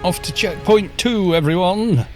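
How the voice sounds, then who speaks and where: A man's voice: high voice, unhurried, a little mellow, soft background music. Chatty Welsh man streaming a game. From North Wales. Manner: chatty, joking, reads chat aloud. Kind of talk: casual live-stream chat while gaming.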